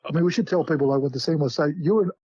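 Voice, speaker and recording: A quick, slightly high-pitched man in his forties rambles through stories with lots of restarts and fillers. His voice is husky, and the sound is dull and lo-fi, like a remote call. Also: darkish tone, no echo. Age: 40s. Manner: rambling, storytelling with many restarts. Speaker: guest. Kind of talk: casual podcast chat.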